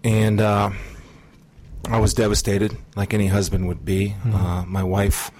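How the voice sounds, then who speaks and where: A middle-aged man earnestly recounting a personal testimony in an interview, measured and pausing often. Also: lowish voice, completely flat delivery, darkish tone. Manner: earnest, measured storytelling with frequent pauses. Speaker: guest sharing testimony.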